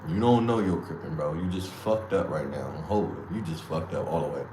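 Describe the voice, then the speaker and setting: Extremely low and expressive, a man hosting a livestream talks a little fast, trash-talking in slang and laughing frequently during casual commentary. The audio carries background noise and an echoey, faintly ambient room.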